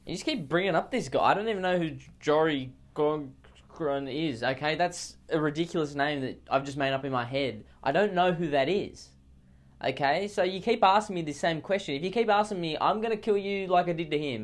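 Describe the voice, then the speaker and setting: A man's voice: fairly high pitch, animated, fairly quick, voice pushed up, close to an everyday voice. A man doing a pompous, insulting politician. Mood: boastful. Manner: boastful, rambling, trades in childish insults. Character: pompous insulting male politician at a press conference.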